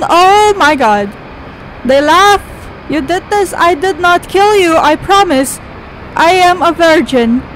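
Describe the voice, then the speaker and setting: Jumpy high-voiced woman swearing through a horror game. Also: a little hiss or hum, poor audio. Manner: jumpy, swears constantly, shrieks at scares. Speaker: gaming video creator. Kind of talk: horror game playthrough commentary.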